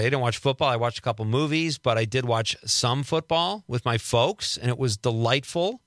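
Male radio host, bright lively delivery, chatty and self-mocking, dry studio mic. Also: medium pitch, normal speed, hardly any pauses, no echo. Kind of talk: casual radio chat. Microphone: studio microphone.

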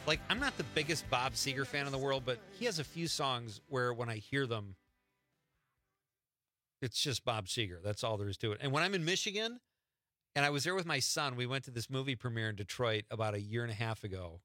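A middle-aged man from the Chicago area hosts a casual chat, rambling through stories and laughing at himself. His voice is bright and forward. It sounds dry and close, with no room around it. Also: medium pitch, fairly quick, dry recording, soft background music. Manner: chatty, self-deprecating storyteller with laughs and restarts. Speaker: podcast host, comedian.

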